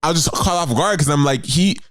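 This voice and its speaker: Animated high-voiced man telling stories. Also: a little fast, no room sound. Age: 30s. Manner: animated, profane storytelling. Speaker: podcast co-host. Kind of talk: casual podcast chat.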